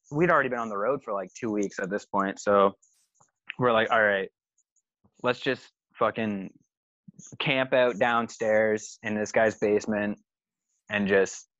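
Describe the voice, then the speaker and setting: A man's voice: on the low side, a bit bright, no echo, highs cut off. A man in casual podcast chat, telling a tour story with lots of swearing and laughter. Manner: swears a lot, laughs through his story. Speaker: touring musician telling a story.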